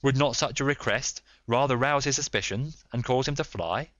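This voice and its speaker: A man's voice: mid-range voice, moderate pace, a bit bright, no room sound, highs cut off, voice pushed up, natural voice. A man reading a doubtful police inspector who questions everything with incredulity. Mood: incredulous.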